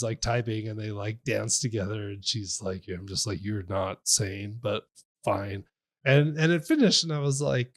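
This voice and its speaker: Male podcast co-host, casual game talk, rambling and animated. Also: medium pitch. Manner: rambling, animated retelling with laughs. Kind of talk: casual game review chat.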